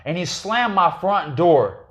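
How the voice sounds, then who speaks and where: A man as a podcast guest, telling a story in a profane, animated way during a casual chat. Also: high voice, slow pace.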